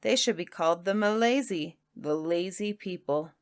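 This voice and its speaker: A woman voicing a stern, solemn old male magician who speaks in low, slow, grave pronouncements. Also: clean tone, dry recording, clean studio sound, lightly acted.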